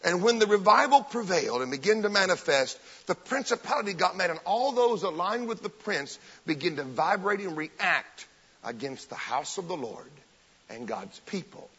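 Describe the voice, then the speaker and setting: A fervent man preaching at a high, husky pitch, his voice leaping up and down with emphatic bursts. The sound is dull and lo-fi, and a long hall reverb trails each phrase. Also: animated, normal speed, bright, forceful tone. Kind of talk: sermon.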